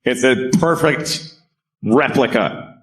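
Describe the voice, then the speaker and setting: A man's voice: medium pitch, slow pace. A man doing a stand-up comedy routine, profane and sardonic, with rambling rants.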